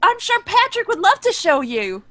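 A woman's voice: extremely high pitch, sing-song, moderate pace, a bit bright, no echo. A woman playing her character in a tabletop game, talking in a bubbly, sweet and earnest way. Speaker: player.

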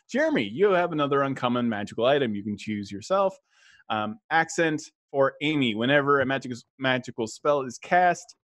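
A man's voice: medium pitch, a bit bright, dry recording, clean studio sound. A man running a tabletop game as game master, narrating the setting and reading out donations with frequent chuckles and stumbles. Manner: chuckling, stumbles over words while reading.

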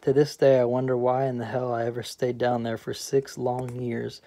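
A man's voice: mid-range voice, moderate pace, no echo, lightly acted. A man reading as easygoing old friend Bono. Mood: reminiscing. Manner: relaxed, reminiscing. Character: easygoing middle-aged male friend, Bono.

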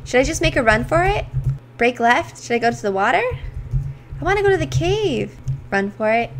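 A woman streaming a video game, chatting to viewers and squealing with excitement during the action. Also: a little high, moderate pace, creaky, faint music behind. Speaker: gaming streamer. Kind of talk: casual game commentary.

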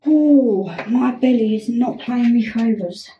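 A woman's voice: fairly high pitch, slow pace, lo-fi sound, soft background music. A young woman chatting through a getting-ready vlog at home, flustered and self-mocking. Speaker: vlogger.

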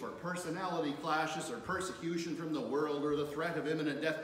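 A man preaching a sermon as pastor, reading scripture aloud with rising emphasis. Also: fairly high pitch. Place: church sanctuary. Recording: echoey church hall, faint room noise.

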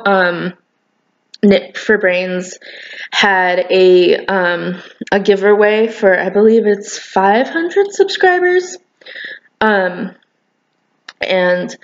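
A woman's voice: medium pitch, lo-fi sound. A young woman hosting a knitting video podcast, chatting casually and gushing with lots of fillers. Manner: rambling, gushing, many fillers. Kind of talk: casual chat to camera.

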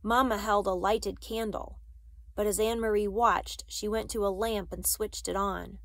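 A woman's voice: mid-range voice, fairly even intonation, normal speed, no room sound. Dry, close woman reading aloud. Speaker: audiobook reader. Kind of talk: reading a children's novel aloud.

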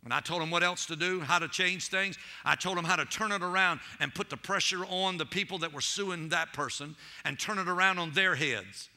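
Pastor, male, high sharp voice, lively storytelling sermon delivery. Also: a little fast, few pauses. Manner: animated preaching, storytelling, addresses the congregation as saints.

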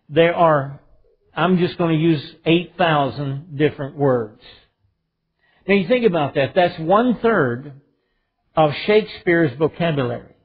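A man with a Southern US accent, a pastor preaching a sermon with emphatic stresses on key words. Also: fairly high pitch. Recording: phone-like narrow band.

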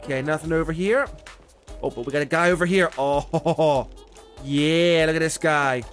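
Excitable high-voiced male gamer. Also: normal speed, faint music behind. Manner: excitable, swears often, frequent loud outbursts. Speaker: gaming channel host. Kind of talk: casual gameplay commentary.

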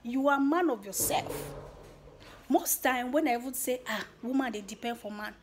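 A woman's voice: high-pitched, moderate pace, background noise. A woman with a Nigerian accent giving her viewers an earnest motivational talk, slipping into Pidgin phrases. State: emotional, near tears at the end. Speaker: YouTuber.

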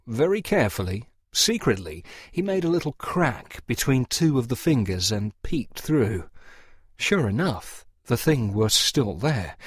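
A man narrating an audiobook story for English learners, reading in a measured, expressive way. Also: medium pitch, slightly rough, no echo, studio quality.

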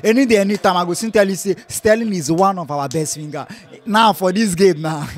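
A young man from Nigeria speaking Nigerian Pidgin English, giving a lively, laughing football match reaction. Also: sits high, a little fast, hardly any pauses, soft background music. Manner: lively, laughs often, repeats phrases. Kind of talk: casual post-match chat.

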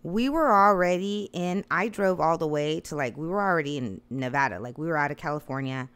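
A woman's voice: deep voice, a little fast, clear, resonant tone. A woman in her thirties casually telling a long funny story, swearing freely and laughing along the way. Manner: profane, animated, laughing. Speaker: storyteller guest.

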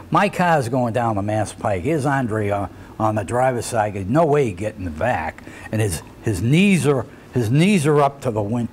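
An older man, speaking at an everyday middle pitch and rambling through road stories from his wrestling days. He loses his thread and fills the gaps with "uh" and little chuckles. A faint hum of room ambience sits under his voice. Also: darkish tone. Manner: rambling anecdotes with fillers and chuckles. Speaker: retired wrestler, interview guest. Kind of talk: shoot interview storytelling.

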